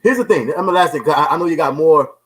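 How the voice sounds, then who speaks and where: A man hosting a podcast talks quickly in a slightly raised, husky voice. He is emphatic and keeps checking in with his listeners. His points tumble out one after another. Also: on the high side, fairly bright tone, poor audio. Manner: emphatic, keeps repeating "you know what I'm saying". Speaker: podcast host. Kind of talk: casual podcast chat.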